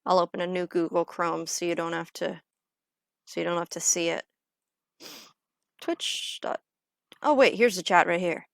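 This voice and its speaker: A woman's voice: fairly low pitch, normal speed, gravelly, pauses often, no room sound, clean studio sound. A woman chatting casually on a livestream as she plays, rambling along with lots of filler words. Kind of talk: casual livestream chat while gaming.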